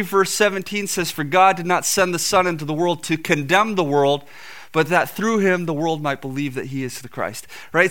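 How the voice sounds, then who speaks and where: A man's voice: sits high, pushed and bright, clean tone. A male pastor preaching a sermon in a church, telling stories earnestly and often repeating words as he builds a point. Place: church with screens on stage.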